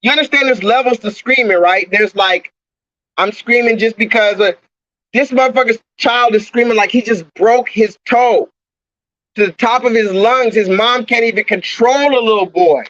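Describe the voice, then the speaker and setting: A man's voice: very high voice, moderate pace, fairly bright tone, dry recording, highs cut off. A man livestreaming from his phone outdoors, ranting in an agitated, repetitive way and swearing often. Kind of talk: ranting live stream monologue. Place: outdoors near a coffee shop. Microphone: phone held at arm's length.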